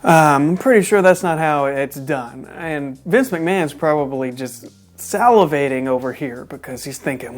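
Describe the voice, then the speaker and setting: A Texas reviewer recaps a wrestling show in casual commentary, sounding animated and incredulous and tossing in joking asides. His mid-range voice moves at a moderate pace with few pauses.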